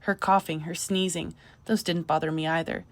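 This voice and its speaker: A woman's voice: sits low, fairly even intonation, moderate pace, natural voice. A woman reading the part of a feverish, grieving widower who broods and sinks to a near whisper. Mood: tender. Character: feverish grieving middle-aged man, obsessive widower.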